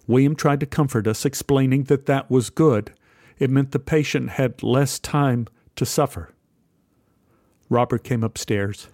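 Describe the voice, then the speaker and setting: A man's voice: medium pitch, warm tone, no echo, clean studio sound. Earnest middle-aged man telling a story. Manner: earnest, measured and heartfelt. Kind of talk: personal storytelling.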